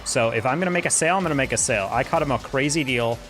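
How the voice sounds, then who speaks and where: A man streaming a game and chatting as he plays, rambling along as he vents. He talks at a quick pace in a mid-range voice, with faint music behind him. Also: mid-range voice, a bit bright. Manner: rambling, venting, conversational. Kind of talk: casual chat while gaming.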